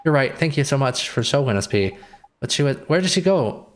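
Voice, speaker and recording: A man's voice: mid-range voice, lively intonation, a little fast, lightly acted. A man reading the lines of an earnest young boy hero in his own everyday voice. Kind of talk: reading game dialogue aloud.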